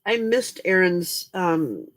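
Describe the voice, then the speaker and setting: Slow-talking, yawning woman streamer. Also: on the low side, no echo. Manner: relaxed, chatty, talks to viewers by name. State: tired, yawning. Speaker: livestream host. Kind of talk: casual late-night crafting livestream chat.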